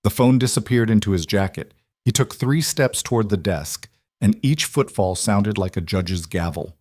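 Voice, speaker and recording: A man's voice: fairly low pitch, animated, moderate pace, a little mellow, no echo, clean studio sound. A man reading scripted narration of a tense story in a dramatic, suspenseful way.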